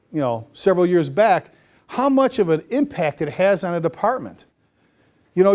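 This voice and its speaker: High-voiced man giving an energetic seminar talk. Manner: energetic, folksy, repeats phrases for emphasis. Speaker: fire chief giving a seminar. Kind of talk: motivational seminar talk to firefighters. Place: seminar room before a live audience.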